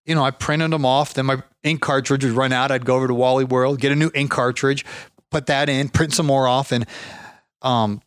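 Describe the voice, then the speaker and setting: A man's voice: mid-range voice, steady tone, fairly quick, smooth, dry recording, studio quality. A man from Ohio hosting a show, telling a casual story full of restarts and fillers. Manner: rambling, many restarts and fillers. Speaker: podcast host, lawn care business owner.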